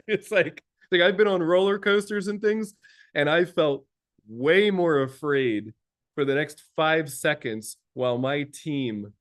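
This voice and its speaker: A man's voice: fairly high pitch, moderate pace. A man working as an executive coach, talking casually and telling stories with frequent laughter and repeated words. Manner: lively storyteller who laughs often; repeats words while thinking. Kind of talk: casual conversational talk.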